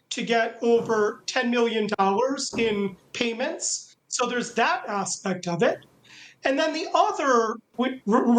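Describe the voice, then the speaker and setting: A man's voice: very high voice, fairly bright tone, slight background noise, low-quality recording. A man, a professor, answering interview questions over a video call in a dismissive, mocking manner. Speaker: professor guest.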